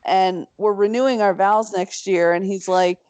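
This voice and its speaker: A woman's voice: medium pitch, fairly even intonation, moderate pace, a little mellow, no echo. A woman co-hosting a podcast in casual chat, telling stories bluntly with crude humor. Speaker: podcast co-host.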